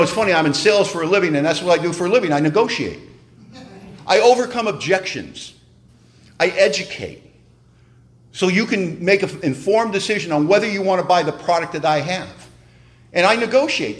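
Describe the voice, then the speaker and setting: A man sharing his story at a recovery meeting, animated and joking in a wry way. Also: fairly high pitch.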